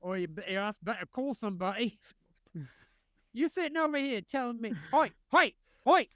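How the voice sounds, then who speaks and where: A man voicing a brash, shouting wrestler in a put-on Cockney accent. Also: extremely high pitch, normal speed, no room sound, studio quality, pitched above the performer's own voice. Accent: Cockney, put on badly. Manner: loud, yelling catchphrases.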